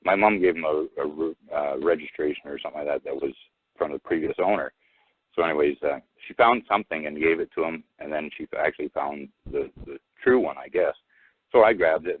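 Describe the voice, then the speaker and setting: A man telling a rambling personal story over the phone, halting with many restarts and fillers. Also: extremely low pitch, breathy edge, no room sound. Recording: tinny phone line, dry.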